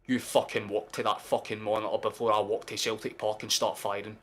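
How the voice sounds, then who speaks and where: A young man commentating a football match live for his stream as a fan, sweary and excitable, erupting into shouts. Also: lowish voice, a little fast.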